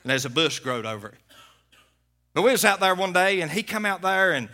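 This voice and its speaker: Male pastor, folksy sermon storytelling, bright higher voice, loud to hushed. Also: very animated, fairly quick.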